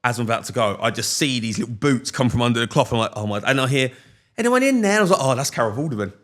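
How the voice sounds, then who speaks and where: A young man, a podcast guest telling stories in casual chat, slangy and animated, laughing often. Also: medium pitch, racing.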